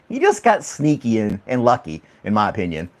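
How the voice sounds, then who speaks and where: A man's voice: on the low side, huge pitch swings, normal speed. Man, casual stream host, chatty, rambling, laughs often. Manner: laughs often, rambling, asks chat questions. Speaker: livestream host reading chat. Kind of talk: casual chat with viewers.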